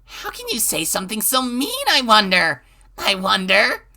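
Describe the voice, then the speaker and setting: A woman voicing a sweet yet menacing teenage girl in a visual novel, speaking in a soft, sing-song, eerily gentle way. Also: mid-range voice, wildly swooping pitch, normal speed, full character voice. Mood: coaxing.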